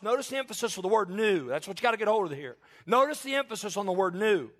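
A man from Kentucky, preaching an impassioned sermon. He builds to shouted emphasis and calls out for amens. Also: high-pitched, very animated, fast, hardly any pauses. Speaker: pastor.

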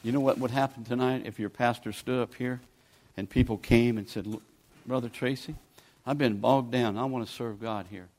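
A man's voice: medium pitch, fairly even intonation, moderate pace, hardly any pauses, a little mellow. A man, preaching a sermon in a folksy, pleading, conversational way as a guest preacher. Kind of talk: sermon with altar call.

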